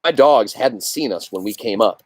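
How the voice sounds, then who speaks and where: A man reading a novel aloud with expressive delivery, pausing for asides to his listeners. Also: on the low side, dry recording. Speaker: reader.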